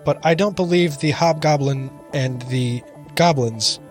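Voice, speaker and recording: A serious adventurer in a tabletop game, measured and grave, as a player voices him. A plain male voice of middle pitch. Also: faint music behind, natural voice.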